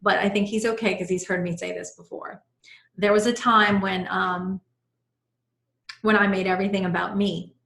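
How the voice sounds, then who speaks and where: A woman's voice: medium pitch, little pitch movement, moderate pace, creaky, a bit bright. A middle-aged woman teaching an online class as a life coach, guiding listeners through breathing and telling personal stories in an earnest way. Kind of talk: live video-call class talk. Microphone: video call. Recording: roomy video-call audio.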